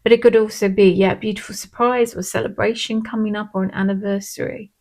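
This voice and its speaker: A woman, a tarot reader and medium, gently and reassuringly talking viewers through a pick-a-pile reading. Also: medium pitch, little pitch movement. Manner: gentle, reassuring, unhurried, with frequent "um" and "I'm feeling".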